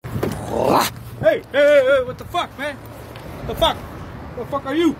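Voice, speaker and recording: A man shouting and swearing angrily. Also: very high-pitched, normal speed, a little hiss or hum.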